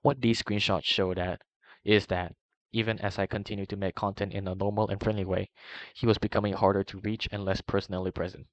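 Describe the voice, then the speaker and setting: A man reading a long document aloud in a steady way, now and then stumbling and correcting himself, in a dull, slightly muffled recording. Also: fairly low pitch, a little fast, dry recording. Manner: steady reading with small slips and self-corrections. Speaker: reader of a document. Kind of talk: long read-aloud narration.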